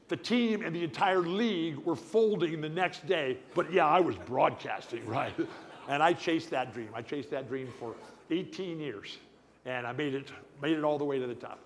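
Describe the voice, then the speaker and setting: An older man speaks as guest at a banquet in a slightly high voice. He tells his stories with animated energy, often restarting or repeating a word before pressing on. The sound carries a long reverb from a large hall. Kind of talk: after-dinner speech.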